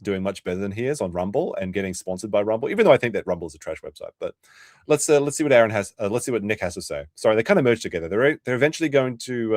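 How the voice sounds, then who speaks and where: A man's voice: on the low side, dry recording, studio quality. Profane, mocking male stream host. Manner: profane, mocking, breaks into loud laughs. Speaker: livestream commentary host. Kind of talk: casual live-stream commentary.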